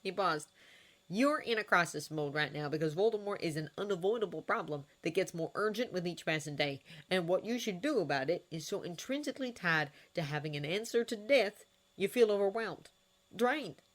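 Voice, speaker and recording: A woman voicing a kind, wry adult man who is a doctor and mentor, speaking earnestly and with gentle teasing. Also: lowish voice, lively intonation, normal speed.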